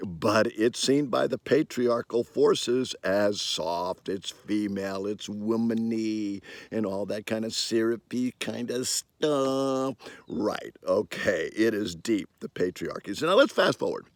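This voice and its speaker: An older man giving an emphatic opinion monologue, his voice swinging from quiet asides to sudden loud, high bursts. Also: takes it slowly, no room sound. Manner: animated and emphatic, with sudden rises in pitch and loudness. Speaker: commentator.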